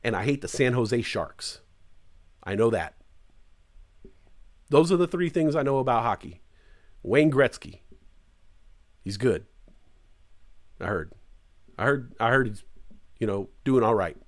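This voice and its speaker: A man's voice: mid-range voice, expressive, unhurried, pauses often. A middle-aged man from California's East Bay hosting a casual live-stream morning show, rambling and joking. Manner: rambling, joking, puts on tough slang voices.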